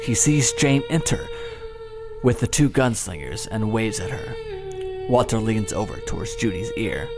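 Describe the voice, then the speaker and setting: A man's voice: medium pitch, huge pitch swings, unhurried, loud music behind the voice. A man narrating as game master of a tabletop game, joking and swearing between his lines.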